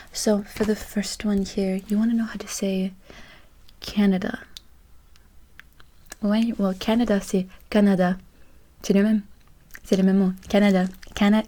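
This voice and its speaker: A woman in a whispered role-play as a French tutor. She mixes soft whispers with quiet speech, switches between English and French, and slowly repeats each word. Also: mid-range voice.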